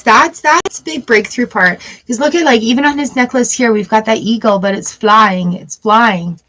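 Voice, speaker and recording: A woman giving a casual tarot reading, chatty and encouraging, with lively outbursts. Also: medium pitch, low-quality recording. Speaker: tarot reader.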